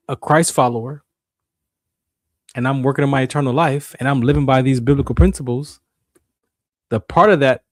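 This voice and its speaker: A man's voice: mid-range voice, no room sound, studio quality. A man hosting a radio show, giving an emphatic, repetitive faith talk monologue in a preacher-like way.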